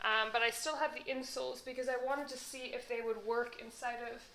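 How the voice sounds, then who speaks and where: A woman's voice: a little high, steady tone, brisk, fairly bright tone, a little hiss or hum, rough recording. A young woman chatting casually in a decluttering vlog, laughing often and a little out of breath. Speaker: vlogger.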